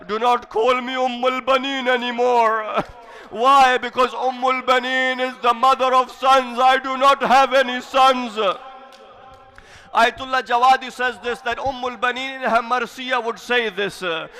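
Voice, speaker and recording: Guy preaching a sad story, really high voice, kinda flat tone, gets loud and emotional. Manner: impassioned storytelling, rising to cries. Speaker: religious speaker. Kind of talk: mourning sermon narration. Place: mosque hall.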